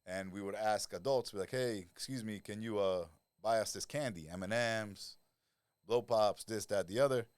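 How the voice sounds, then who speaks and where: A middle-aged man, a lifestyle coach talking as a podcast guest, who tells animated stories, swears freely and acts out the people he quotes. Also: lowish voice, normal speed, clear, resonant tone, dry recording. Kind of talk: casual podcast conversation.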